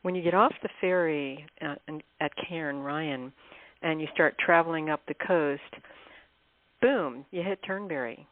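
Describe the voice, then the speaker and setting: Low-voiced woman on a tinny phone line. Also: measured pace, no room sound. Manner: chatty, laughs often, clears throat. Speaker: guest author. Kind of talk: casual interview storytelling.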